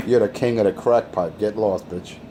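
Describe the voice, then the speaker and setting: A man's voice: lowish voice, fairly even intonation, normal speed, noisy background. A man hosting a crude, taunting radio rant. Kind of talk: insult-heavy radio rant.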